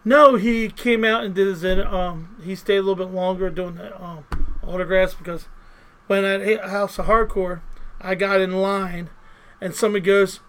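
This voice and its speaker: A man co-hosting a podcast, telling rambling, animated stories full of fillers and restarts. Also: high voice, normal speed, poor audio. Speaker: podcast co-host. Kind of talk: casual chat.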